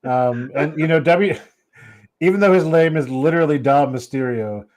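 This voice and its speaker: A man hosting a live podcast in casual chat, relaxed as he runs through a list and greets viewers by name. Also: fairly high pitch, moderate pace. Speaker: host of a wrestling podcast.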